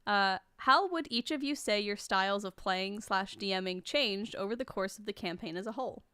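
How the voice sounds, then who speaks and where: A woman's voice: medium pitch, normal speed, pushed and bright, clean tone, no room sound, studio quality. A woman co-hosting a casual podcast chat, reading listener questions and laughing often.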